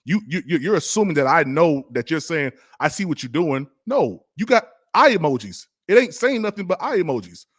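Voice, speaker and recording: A man's voice: a little high, sing-song, a little fast, hardly any pauses, slightly rough, no echo. Stammering defensive man, dry sound. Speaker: pastor and podcast guest.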